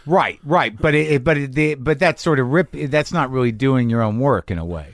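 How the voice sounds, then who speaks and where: A man's voice: medium pitch, lively intonation, fairly quick, no room sound, clean studio sound. A man hosting a podcast who muses aloud, often trailing off and restarting phrases. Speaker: podcast host. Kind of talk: casual podcast conversation. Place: podcast studio.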